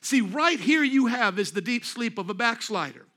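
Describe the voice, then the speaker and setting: A man's voice: extremely high pitch, expressive, normal speed, fairly bright tone. A man preaching a sermon at a church service, talking in an emphatic, conversational way and throwing rhetorical questions at the congregation. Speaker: pastor.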